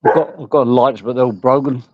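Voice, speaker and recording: A man chatting loosely over a video call, swearing, laughing and poking fun at himself. His voice sits at an ordinary pitch and sounds dull and lo-fi through a close, dry line. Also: fairly even intonation, brisk, no echo. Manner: swearing, laughing, self-mocking. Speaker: guest on a livestream. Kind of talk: casual banter.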